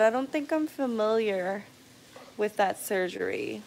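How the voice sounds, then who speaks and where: A woman casually chatting on a live stream, reading viewer comments aloud and often clearing her throat. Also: mid-range voice, lively intonation, measured pace, darkish tone, a little hiss or hum. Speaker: vlogger hosting a live stream.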